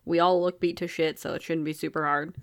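A woman with a slightly low voice plays her character in a tabletop role-playing session. She speaks casually and hesitantly, often trailing off mid-thought. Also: flat delivery, brisk. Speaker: player.

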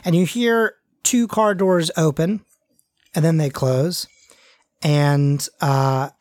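A game master narrating a tabletop role-play, halting and full of fillers. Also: medium pitch, a little mellow, no room sound. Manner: halting, many fillers and restarts.

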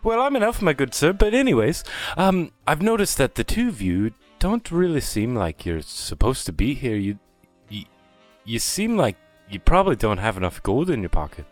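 A man plays a tall male elf who sells information, speaking with a put-on Irish accent. He talks in oily, persuasive salesman patter with a lively, swooping pitch. Faint music plays underneath. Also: normal speed, close to an everyday voice.

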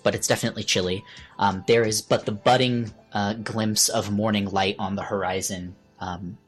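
Deep-voiced male game master narrating. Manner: slow, descriptive, with fillers.

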